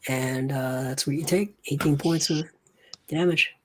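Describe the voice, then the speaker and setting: A female game master with a deep, low voice runs a tabletop game at a slow, measured pace, calling for saving throws, reading out damage and describing the scene. She stays relaxed and methodical throughout. A little hiss or hum is audible.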